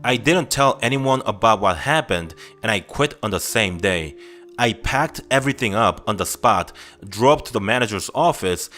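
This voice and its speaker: A man narrates first-person scary stories in a steady, grim, confessional way. His low voice has a bright, forward edge and moves with lively swings in pitch, over faint background music.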